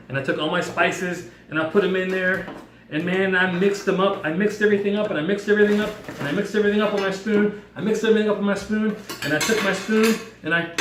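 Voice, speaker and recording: Animated man telling a story in an echoey room. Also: high voice, slight background noise. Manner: animated storyteller, jokey and expressive. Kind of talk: playful devotional talk with props. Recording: echoey room, mic at a distance.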